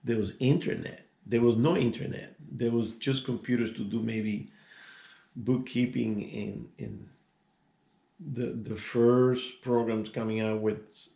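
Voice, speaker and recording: Gravelly older man rambling through a story. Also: mid-range voice, warm tone. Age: 60s. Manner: rambling, digressive, many restarts and asides. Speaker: vlogger telling a personal story. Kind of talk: casual storytelling. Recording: echoey room.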